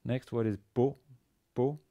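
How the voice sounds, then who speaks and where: A man lecturing on a language lesson, speaking haltingly with many fillers and restarts. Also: mid-range voice, steady tone, highs cut off. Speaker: university lecturer.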